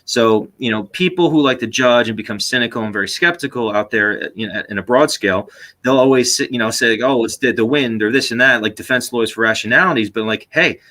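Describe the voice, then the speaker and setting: An American man, a paranormal investigator, talking earnestly in long runs with quick restarts. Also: medium pitch, bright, forceful tone. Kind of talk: casual interview talk.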